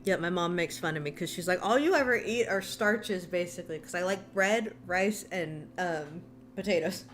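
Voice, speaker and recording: A woman's voice: lowish voice, moderate pace, hardly any pauses. A young woman with an American accent, chatting casually and self-deprecatingly while she draws on a stream, sometimes talking through a mouthful of food. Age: young adult. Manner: talks while eating. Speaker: artist streaming while drawing. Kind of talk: casual chat.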